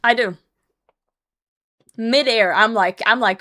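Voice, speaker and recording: Swearing, animated young woman streamer. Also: mid-range voice, moderate pace. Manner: animated, swears freely, trails off into mumbles. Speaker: livestreamer. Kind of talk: casual storytelling to stream chat.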